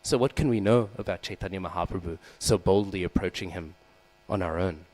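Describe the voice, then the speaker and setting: Deep-voiced man giving a temple class. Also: a little fast, a little mellow, low-quality recording. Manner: frequent "hmm?" and "right?" checks with listeners; acts out quoted lines with raised voice. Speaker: devotional class speaker. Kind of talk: scripture class sermon. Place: temple hall. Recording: low mains hum behind.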